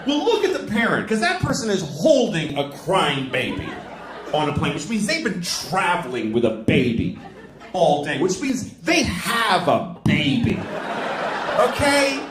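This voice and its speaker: A man doing a stand-up comedy set, telling stories deadpan and breaking into loud acted-out voices. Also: fairly high pitch, unhurried, noisy background. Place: theater stage before a laughing audience. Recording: roomy live venue with crowd laughter.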